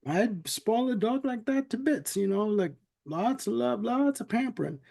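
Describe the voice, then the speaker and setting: A man voicing a fawning old Southern gentleman from a cartoon in a syrupy put-on voice. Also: very high voice, animated, normal speed, gravelly, voice pushed up, heavily acted.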